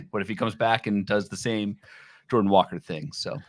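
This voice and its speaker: Man, lowish voice, dry mic, animated, stammering restarts, fantasy baseball co-host. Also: normal speed, dry recording. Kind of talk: casual sports chat.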